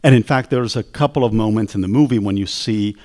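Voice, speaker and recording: A man from Italy, a journalist asking measured questions as interviewer onstage. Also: fairly low pitch, a little mellow.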